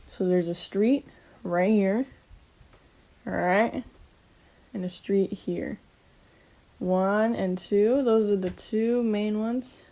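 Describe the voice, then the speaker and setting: A woman's voice: mid-range voice, extremely slow, pauses often, warm tone. Rambling woman telling a story casually. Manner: rambling, self-correcting, swears freely. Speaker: podcast host.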